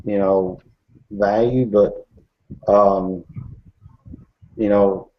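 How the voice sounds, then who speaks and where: A man's voice: fairly low pitch, steady tone, extremely slow. A man chatting casually in a group discussion, rambling with many fillers and restarts. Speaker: Bigfoot researcher in a group discussion. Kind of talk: casual chat. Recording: dull lo-fi recording.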